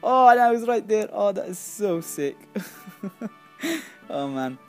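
A woman hosting a gaming video, giving excitable, chatty commentary as she plays and often squealing in excitement. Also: mid-range voice, a little slow, faint music behind. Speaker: gaming channel host. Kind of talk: casual game commentary.

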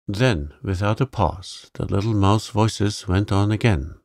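A man reading a bedtime sleep story in a calm, soothing, gravelly voice. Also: on the low side, measured pace, few pauses, dry recording, clean studio sound. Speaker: narrator.

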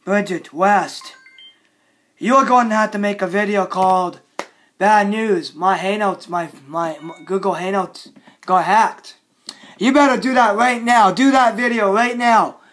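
A man vlogging an angry, repetitive rant, often shouting and scolding. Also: sits high, measured pace.

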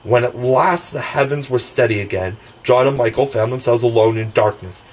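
A man's voice: mid-range voice, moderate pace, darkish tone, poor audio. A man narrating a classic children's novel as an audiobook reader, with occasional stumbles and restarts.

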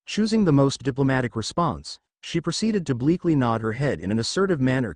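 Man, storybook narrator, lively swings in pitch, dry close sound. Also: no room sound. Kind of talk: scripted fanfic narration.

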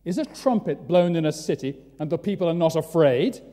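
A man voicing a male open-air prophet who loudly calls rhetorical questions to passers-by, heard in a church with a long reverb. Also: fairly high pitch, lively intonation, a little fast, lightly acted. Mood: declaiming. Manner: loud, declaiming street-preacher questions.

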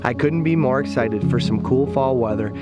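A man with a mid-pitched voice narrates calmly and explains things steadily. It is a voice-over with clear background music playing under it. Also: normal speed. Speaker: fishing vlog host.

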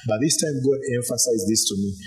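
A pastor preaching a sermon in a loose, conversational way, repeating phrases and using fillers. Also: male voice, medium pitch, brisk, darkish tone, faint music behind, rough recording.

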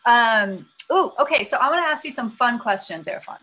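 A woman hosting a casual live interview, playful and teasing, quick to laugh. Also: fairly high pitch, expressive, pushed and bright, rough recording. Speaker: interview host.

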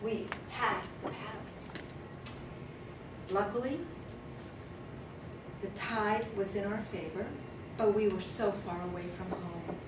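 A woman giving a humorous storytelling speech as guest speaker, lively and chuckling, acting out sounds. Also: medium pitch, takes it slowly, long pauses. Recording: echoey room from far off with noise.

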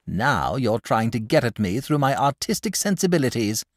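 A man voicing a gentle, nervous and fussy male dragon in a storybook reading, polite and anxious. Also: mid-range voice, very animated, normal speed, dry recording, clean studio sound, voice pushed up. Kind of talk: audiobook character voice.

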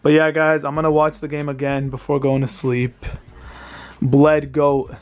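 In a fairly high voice with little pitch movement, a young man in his twenties talks a little fast as he vents about his team losing. It's an exasperated, self-pitying sports reaction vlog filmed at home late at night.

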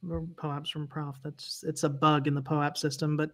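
A woman's voice: deep voice, little pitch movement, moderate pace, a bit bright. A woman guest on a livestream interview, chatting casually and laughing often as she explains things.

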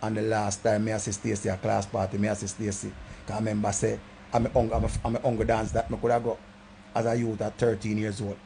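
Middle-aged Jamaican man, gravelly voice, rambling comic storyteller, drops low then erupts loud. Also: completely flat delivery, fast, slight background noise. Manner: swings from low mutters to loud outbursts. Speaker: comedic storyteller.

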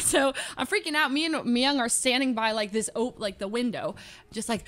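A young woman streamer dramatically telling a story to her chat, excitable and laughing often. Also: a little high, fairly quick, faint music behind.

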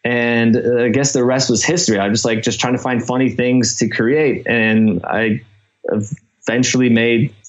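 A man's voice: mid-range voice, normal speed, lo-fi sound. Rambling guest man from Chicago. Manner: rambling, filler-heavy, animated storytelling. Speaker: podcast guest. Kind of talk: casual storytelling.

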